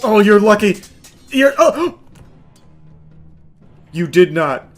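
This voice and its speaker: A man giving live gameplay commentary, excitable, yelling, cursing and laughing in bursts. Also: sits high, takes it slowly, pauses often, faint music behind. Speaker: gaming commentator.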